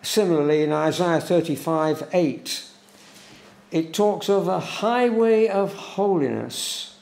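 A man preaching a sermon in a church, slow and deliberate, repeating words for emphasis. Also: a little high, creaky, darkish tone. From England. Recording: echoey church room.

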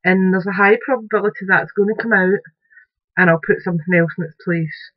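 A woman's voice: fairly low pitch, fairly even intonation, brisk, dry recording, highs cut off. A woman hosting a casual craft tutorial, chatting in a homely way as she shows and describes her finished piece.

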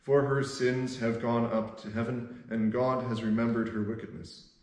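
A man's voice: steady tone, moderate pace, darkish tone, reverberant, natural voice, rough recording. A man voicing a solemn, commanding voice from heaven during a scripture reading, calling out urgently. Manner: urgent high declaiming.

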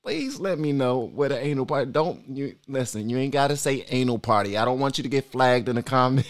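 A man hosting a reaction video, talking in an animated, swearing, exclaiming way. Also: mid-range voice, normal speed, hardly any pauses. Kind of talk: casual reaction commentary.

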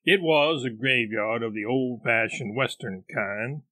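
Male audiobook narrator, slow and measured, dry close recording. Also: mid-range voice, sharp tone, no echo. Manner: measured, deliberate storytelling.

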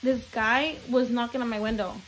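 On her vlog, a young woman tells a frightening story while close to tears, rambling with many fillers and slipping in Spanish words. She speaks at a normal speed in a fairly high, steady voice.

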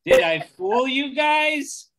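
A man riffs through an improv scene on a video call, playful and jokey. His voice is bright and swings widely in pitch, and he takes his time with each line. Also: very animated, slow. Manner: playful, jokey, breaks into laughs. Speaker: improv performer.

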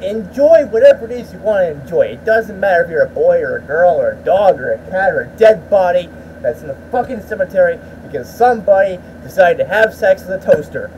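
A man rants to his viewers in a loose, rambling way, swearing freely and stumbling over his starts. His voice is high and swings up and down a lot, with faint noise behind him. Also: expressive, a little fast, darkish tone, low-quality recording. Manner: rambling, profane, with repeated restarts. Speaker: YouTuber. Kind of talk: ranting vlog talk.

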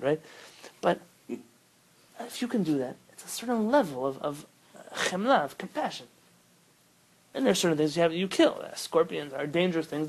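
A man, a rabbi, teaching an informal Torah class, telling stories with lively bursts of emphasis and sprinkling Hebrew terms into his English. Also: a little high, creaky, husky, low-quality recording. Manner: animated storytelling, rising loud when quoting.

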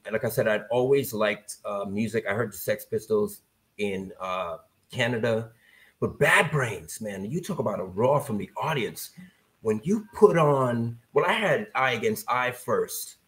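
Appearing as a podcast guest, a lowish-voiced man tells a lively, casual story and performs the voices of everyone he quotes.

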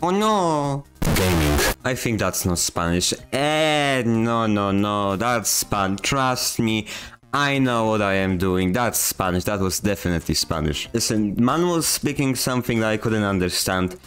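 A man with a fairly low voice reads viewer comments aloud and answers them with dry, deadpan sarcasm. His delivery is slangy and joking, with faint music under him. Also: a little slow. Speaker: channel host reading comments. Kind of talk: comedic comment-reading vlog.

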